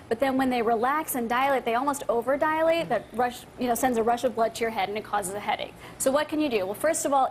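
Calm doctor, a woman explaining clearly. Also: a little high, a little hiss or hum. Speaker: doctor answering audience questions. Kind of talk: explaining medical answers on a talk show.

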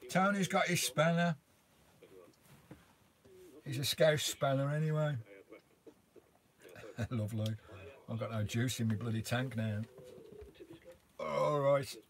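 A man's voice: mid-range voice, slow pace, long pauses. Older man chatting on a van live stream. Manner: chatty, rambling, frequent "uh" fillers, calls viewers mate and sugar. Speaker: vanlife live-stream host. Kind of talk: casual live-stream chat reading viewer comments. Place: inside his camper van.

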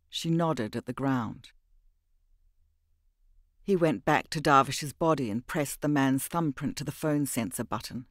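A male audiobook narrator with a mid-range voice, telling the story at an even, measured clip. He is recorded close and dead dry, with no room sound at all. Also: medium pitch, no echo. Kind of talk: scripted narration.

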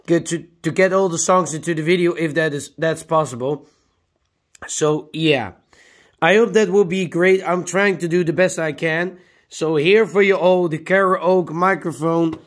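A man from Afghanistan, an amateur rapper, talks in a casual, rambling way, excited and full of hype, as he shows off something new on his vlog. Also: a little high, a little slow.

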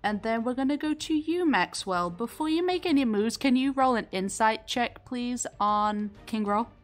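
A woman narrating as game master in a tabletop game, playful and quick to laugh. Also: on the high side, expressive, faint music behind.

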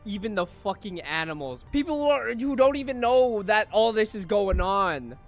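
Excitable man swearing through a reaction. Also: sits high, moderate pace, faint music behind. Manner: excitable, profane, swings from shouting to hushed. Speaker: anime reaction streamer. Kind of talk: live reaction commentary.

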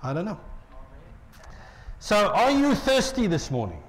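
Playful South African pastor, lively pitch. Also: male voice, unhurried. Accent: South African English. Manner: playful, jokes with the congregation. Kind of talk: lively sermon. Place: church.

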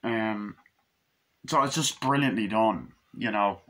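A man giving a rambling, foul-mouthed casual film review, full of fillers, who acts out scenes with quick quoted voices. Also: on the low side, a bit bright. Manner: rambling, profane, filler-heavy. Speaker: movie reviewer.

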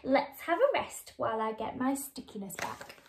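A woman voicing a sad little female tape dispenser in a storybook reading, with a high, wavering, tearful voice. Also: very animated, normal speed, reverberant, a little hiss or hum. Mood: weary.

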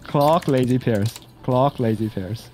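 A man in casual voice chat during a game raid, calling out mechanics in quick repeated bursts and swearing now and then. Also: mid-range voice, crowd noise.

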